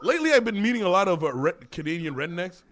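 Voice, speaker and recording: Animated male podcast co-host, high lively voice, swears and laughs a lot. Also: quick pace, slight background noise. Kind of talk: casual podcast chat.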